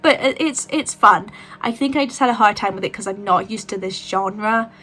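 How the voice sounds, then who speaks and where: A young woman vlogging casual book reviews, chatty and animated, rambling with fillers and quick self-corrections. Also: medium pitch.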